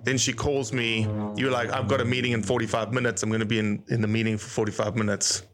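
A man's voice: mid-range voice, level tone, fast talker, a crowd in the background. A man chatting on a podcast, rambling through a story and retelling conversations with quoted dialogue. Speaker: podcast co-guest. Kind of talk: casual interview chat.

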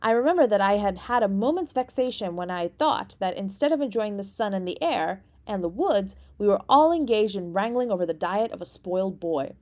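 A woman reads a classic short story aloud in a measured, even storytelling voice. Her pitch sits in the middle of the range for a woman. The narration is unhurried and steady. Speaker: audiobook reader. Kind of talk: scripted narration.

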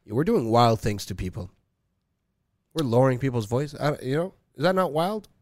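A man's voice: medium pitch, animated, normal speed, no echo, clean studio sound. A man co-hosting a casual chat podcast, joking and teasing and laughing a lot. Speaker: podcast co-host.

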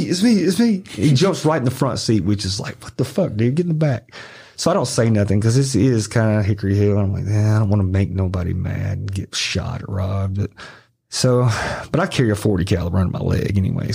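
A man, a podcast guest telling profane, animated stories and acting out the voices of the people in them. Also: on the low side, brisk, vocal fry, slightly rough. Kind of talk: casual storytelling.

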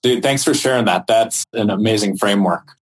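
A male podcast host with a low, husky voice chats casually with his guest. He talks quickly and conversationally. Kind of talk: casual interview chat.

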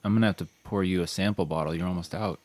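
A man's voice: low voice, rapid-fire. A man co-hosting a casual whiskey tasting podcast, effusive and playfully dramatic about what he drinks.

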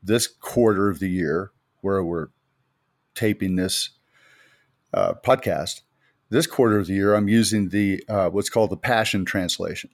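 A middle-aged American man, co-host of a casual faith podcast, emphatically retells anecdotes in a storytelling manner. His voice sits low and his delivery is a little slow. There's no echo.

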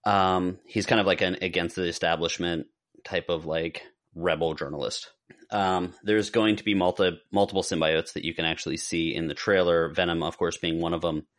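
A man's voice: deep voice, fairly even intonation, normal speed, a bit bright. A man co-hosting a podcast in casual chat, rambling a little and correcting himself as he goes. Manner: rambling, self-correcting, lists names. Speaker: podcast co-host.

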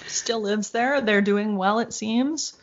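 A woman telling a long personal story in casual conversation, animated, laughing now and then and acting out the voices she quotes. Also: medium pitch, slow pace, slight background noise. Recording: dull lo-fi sound.

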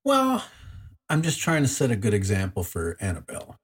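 A man's voice: fairly low pitch, wildly swooping pitch, moderate pace, husky. A middle-aged man co-hosting a podcast, easygoing as he tells stories about home. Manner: easygoing storyteller, telling anecdotes about his daughter. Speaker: podcast co-host. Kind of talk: casual podcast chat.

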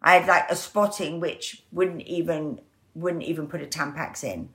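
Animated woman in her fifties. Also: deep voice, moderate pace. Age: 50s. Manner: animated, acts out quoted voices. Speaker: guest. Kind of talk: candid conversational storytelling.

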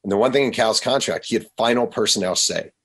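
A man, an author guest on a radio show, telling stories in an animated way and often acting out quotes. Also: fairly low pitch, breathy edge. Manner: animated, quick to act out quotes. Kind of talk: storytelling in a radio interview.

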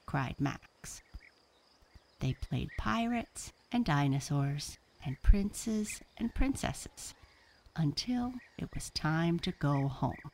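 Low-voiced woman reading kids a story, slow and kinda gravelly. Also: expressive, a little mellow, slight background noise. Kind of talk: children's storybook read-aloud.

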